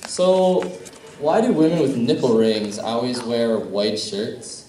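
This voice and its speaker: A man's voice: mid-range voice, slow pace, background noise. A young man from the American Midwest performing a stand-up set in a comedy club, telling crude stories and acting out dialogue. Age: young adult. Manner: casual, crude storytelling with acted-out dialogue. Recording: echoey room, mic heard from a distance.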